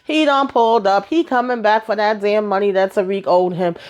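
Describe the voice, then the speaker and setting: A woman talks through a TV drama episode in a loose, chatty recap. She tells it in an animated, slangy way and keeps throwing asides to her viewers. Her voice sits at an ordinary middle pitch. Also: brisk, lo-fi sound. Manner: animated, slangy storytelling with asides like "child" and "okay?".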